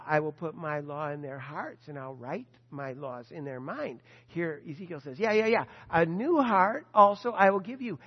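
A man delivers a sermon in a fairly high voice, telling stories with lively animation and briefly voicing the people he quotes. The sound is a little dull and muffled, and a long echo trails behind him as if he is preaching in a large church hall. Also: slightly rough. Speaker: pastor.

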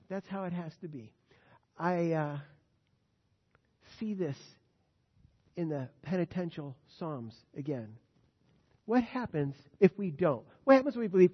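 A man preaching a sermon, dropping to quiet asides and rising to loud, emphatic readings of scripture. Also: fairly high pitch. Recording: dull sound in a reverberant hall.

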